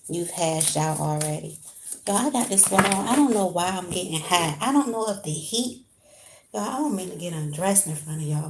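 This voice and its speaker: A woman's voice: on the low side, a little mellow, a little hiss or hum. A woman giving a casual live tarot reading at home, talking straight to her viewers with slang. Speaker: tarot card reader. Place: home room with heat on.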